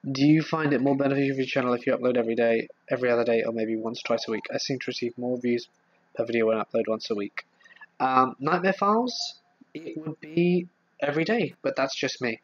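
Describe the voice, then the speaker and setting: A man with a Southeast English accent hosting a casual live stream, reading viewer comments aloud and answering them in a relaxed, rambling way. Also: mid-range voice, very fast, muffled recording. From England.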